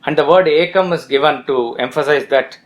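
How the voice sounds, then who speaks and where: A man giving a measured Vedanta discourse as a spiritual teacher, repeating his points for emphasis. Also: fairly high pitch.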